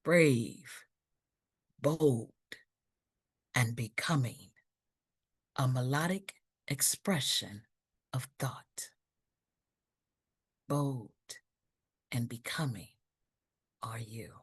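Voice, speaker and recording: A woman delivers spoken word poetry in a low, deep voice. She takes her time, leaning into each pause and keeping a steady, rhythmic cadence. Her pace is unhurried throughout. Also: breathy edge. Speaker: poet performing at an open mic.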